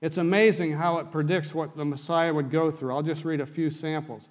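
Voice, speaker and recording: A man's voice: a little high, fairly even intonation, brisk. A man preaching a sermon, explaining scripture and reading passages aloud to his congregation. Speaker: pastor.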